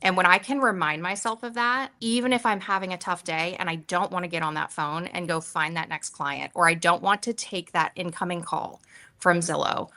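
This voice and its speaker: A woman real estate agent on a panel, speaking in an earnest, steady, motivational way. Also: lowish voice, normal speed. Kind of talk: reflective panel talk.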